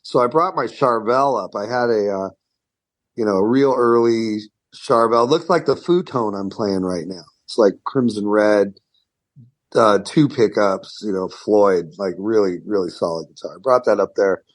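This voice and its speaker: A man's voice: on the low side, normal speed. A middle-aged man, a guitarist guest, telling loose rambling stories full of fillers and swearing. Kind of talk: casual storytelling.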